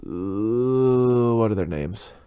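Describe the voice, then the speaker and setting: Low-voiced man rambling about movies. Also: lively intonation, extremely slow, clean tone, highs cut off. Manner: rambling, swears freely, many fillers. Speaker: podcast co-host. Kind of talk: casual movie chat.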